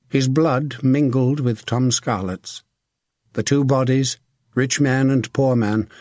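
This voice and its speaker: Audiobook narrator, man, husky and steady, dry close recording. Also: mid-range voice, no echo. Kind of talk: scripted narration.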